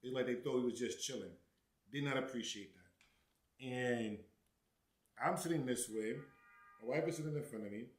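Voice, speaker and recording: A man's voice: mid-range voice, normal speed, pauses often. Chatty man with a roomy echo. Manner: chatty storytelling with fillers like "right?" and "you know". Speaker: real estate channel host. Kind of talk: casual reaction commentary.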